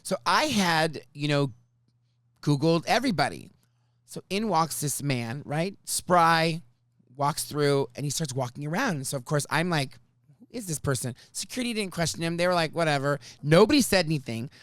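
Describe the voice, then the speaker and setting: A man hosts a podcast, swapping into quoted voices and cursing as he tells his story. His pitch swoops widely through the telling. The sound is dry and close, with no room around it. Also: moderate pace, dry recording. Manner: animated, swears freely, acts out quoted voices. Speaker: podcast host. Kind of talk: casual storytelling chat.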